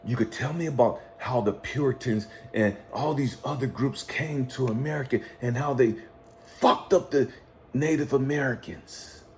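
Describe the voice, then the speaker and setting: A man's voice: mid-range voice, moderate pace, slight background noise, voice pushed down, lightly acted. A man voicing a stern male God who questions him, probing and mocking at first, then scolding and swearing. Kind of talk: retold dialogue in a motivational monologue.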